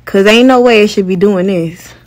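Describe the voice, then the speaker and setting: A woman's voice: medium pitch, normal speed, a little mellow. Frustrated young woman vlogging. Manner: frustrated, talking to viewers while working. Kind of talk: casual vlog commentary.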